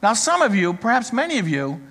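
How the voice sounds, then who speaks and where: A man's voice: high voice, wildly swooping pitch, brisk, fairly bright tone. A man in his sixties preaching a sermon as pastor, talking conversationally and joking with the congregation. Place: church. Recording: reverberant church hall.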